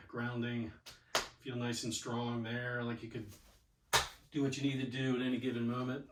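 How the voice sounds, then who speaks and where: Heavy background noise surrounds this man's mid-range voice as he leads a yoga and exercise class. He talks through the cues in a chatty, encouraging way, and the mic sits far off in an echoey room.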